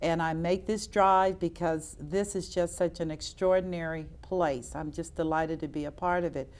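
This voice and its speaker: An older woman with a lowish voice hosts a community TV talk show. She speaks earnestly and encouragingly, and she often repeats herself to drive a point home. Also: fairly even intonation, moderate pace, a little mellow. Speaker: host. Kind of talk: public-access talk show.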